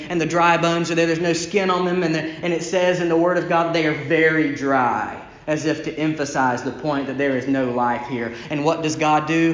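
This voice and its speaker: Pastor preaching, higher-pitched man, repeats himself for emphasis, church echo all around. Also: a bit bright. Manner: emphatic preaching with repeated phrases, dropping low and slow on key lines. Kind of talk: sermon. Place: church sanctuary, from the pulpit.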